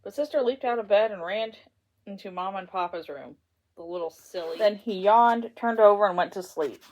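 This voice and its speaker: A woman narrating a children's storybook aloud in a gentle, expressive way. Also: medium pitch, moderate pace, low-quality recording. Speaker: storybook reader.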